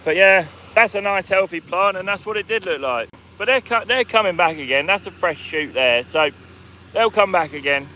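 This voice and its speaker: A man's voice: sits high, lively intonation, normal speed, sharp tone. A man, a farmer, chatting casually on a live stream from his sprayer cab and greeting viewers by name. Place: sprayer cab on a farm field. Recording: mic at a distance, vehicle noise.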